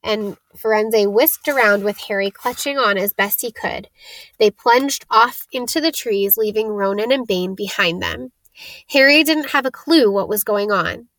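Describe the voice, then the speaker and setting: A woman reading a children's novel aloud as an audiobook narrator, in a steady, expressive storybook style. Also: medium pitch, measured pace, dry recording, poor audio.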